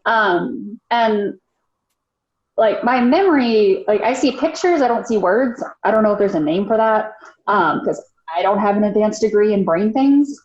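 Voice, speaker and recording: A woman's voice: medium pitch, animated, normal speed, a little mellow, a little hiss or hum. Chatty woman guest with roomy, dull sound. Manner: candid, chatty, many fillers, acts out quotes. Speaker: podcast guest. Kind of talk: casual storytelling.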